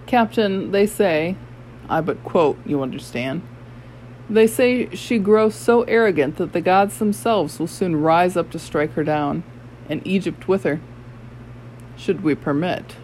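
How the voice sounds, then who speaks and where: A sly young male rogue who speaks in a bland, purring voice, as an audiobook narrator puts him on. Every line is smooth and insinuating, delivered at a middle pitch. It is a storybook character read aloud. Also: unhurried, darkish tone, slight background noise, close to an everyday voice, poor audio.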